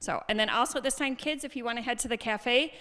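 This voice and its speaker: A woman gives church announcements in a chatty, friendly way. Her voice is bright and a little high. The sound carries a long reverb from a large church hall. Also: fast. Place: church sanctuary.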